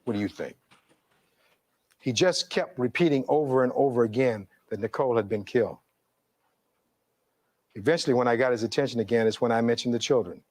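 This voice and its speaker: A man's voice: medium pitch, fairly quick, long pauses, a little mellow, no echo. A middle-aged man, a defense attorney giving a courtroom closing argument, reading testimony aloud and posing rhetorical questions in an oratorical way.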